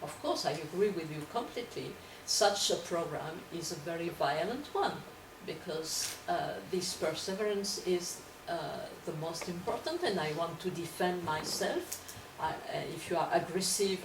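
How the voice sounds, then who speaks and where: A woman lecturer answering questions in an academic discussion, hesitant and repeating words as she searches for her phrasing. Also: on the low side. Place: lecture hall. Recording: echoey room, distant mic, background noise.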